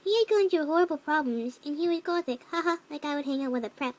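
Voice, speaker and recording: A woman voicing a young cat-girl troll who reads a fanfic aloud, with flat narration, mocking asides and yelled quotes. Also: sits high, fast talker. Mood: deadpan reading. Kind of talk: fan reading of a story.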